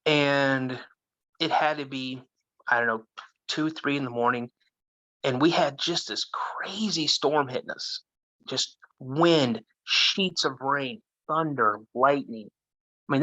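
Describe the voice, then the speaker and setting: A man from Minnesota, a guest telling a story in a casual, animated way. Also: medium pitch, dry recording. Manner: animated, acts out the voices of others. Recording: dull lo-fi sound.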